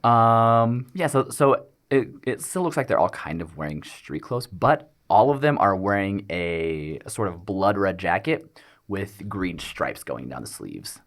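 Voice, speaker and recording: Game master, man, lower register, expressive, hesitant scene-setting. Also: measured pace. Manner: hesitant, many ums while describing scenes. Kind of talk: narrating a tabletop game.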